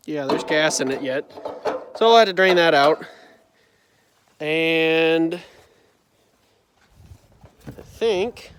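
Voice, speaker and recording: Talking casually to his phone camera in a farm building, a man vlogs about repairing an old tractor. His smooth, higher-pitched voice is muffled by a face mask as he rambles, correcting himself and adding unsure asides.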